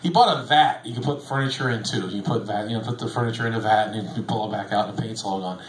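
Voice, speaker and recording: A man's voice: fairly low pitch, fast talker. A middle-aged man, a bus driver, telling rambling stories to a group in a casual, chuckling, self-deprecating way. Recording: echoey room, faint background ambience.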